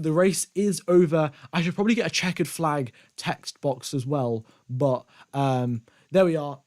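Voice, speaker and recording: Man, slightly high voice, casual live-stream race commentary, rambling and conversational. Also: darkish tone. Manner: rambling and conversational, thanking viewers.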